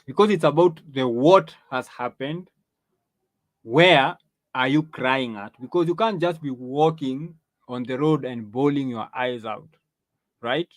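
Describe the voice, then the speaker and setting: A man's voice: mid-range voice, measured pace, dry recording. A man hosting an opinion monologue, lecturing emphatically, drawing out stressed phrases, with frequent restarts and rhetorical questions. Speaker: host.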